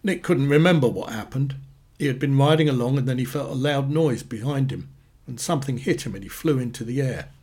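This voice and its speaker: A man reading short stories aloud in a dry, deadpan way. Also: mid-range voice, fairly quick, slightly rough. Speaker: narrator.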